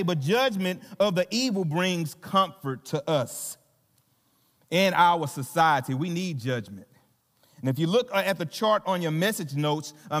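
A man's voice: high voice, a bit bright, big-room sound. A man with a Southern American accent preaching a sermon as a visiting pastor, talking conversationally and playfully to the congregation with plenty of fillers and restarts. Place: church sanctuary.

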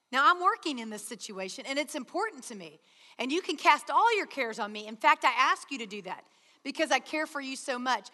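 A woman's voice: sits high, expressive, a little fast, bright, forceful tone. A woman giving an earnest sermon at a retreat, acting out prayer dialogues with God. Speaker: retreat speaker. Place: large hall. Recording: hall reverb.

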